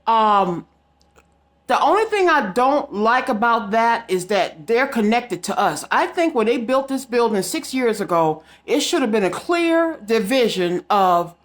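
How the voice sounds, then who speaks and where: A woman's voice: fairly high pitch, big pitch swings, measured pace. A woman telling a story straight to her viewers in a casual vlog, emphatic and direct. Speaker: psychic vlogger.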